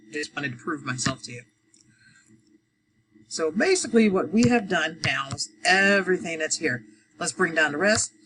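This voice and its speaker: A woman's voice: low-pitched, fairly bright tone, slight background noise, poor audio. A woman teaching adult education math, talking through each step of a problem, counting aloud, with frequent fillers.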